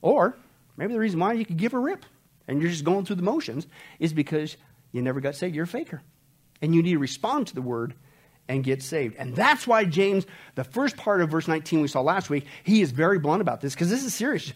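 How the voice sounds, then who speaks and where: Animated preaching man, lively high voice. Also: a little fast, breathy edge. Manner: animated preaching, swinging from loud emphatic outbursts to low hushed warnings. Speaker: pastor. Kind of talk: expository sermon. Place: church service.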